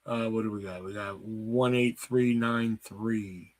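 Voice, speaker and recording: A man's voice: on the low side, fairly even intonation, slow. A man hosting a casual livestream, joking crudely with viewers and swearing often. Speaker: livestream host.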